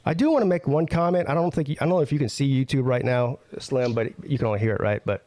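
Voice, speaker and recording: Male host, casual mocking commentary, dry room, mid pitch. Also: quick pace, a little mellow, no room sound. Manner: loose and mocking, lots of filler. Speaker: show host. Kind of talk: casual commentary over a played video.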